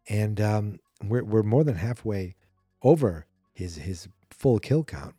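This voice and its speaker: A man's voice: lowish voice, lively intonation, slow, warm tone, husky, no room sound, clean studio sound, soft background music. A man hosting a podcast, casually recapping a film in a chatty, rambling way that often corrects itself mid-sentence. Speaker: podcast host. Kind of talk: casual movie recap commentary.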